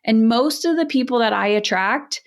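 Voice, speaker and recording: A woman's voice: a little high, expressive, moderate pace. A woman parenting coach in a podcast interview, talking in a direct, emphatic coaching manner.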